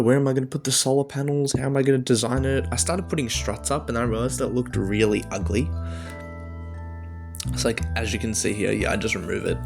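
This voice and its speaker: A man narrating a gaming video in a recorded voice-over, relaxed and rambling as he explains what he built. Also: medium pitch. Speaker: gaming YouTuber. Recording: voice-over with clear background music.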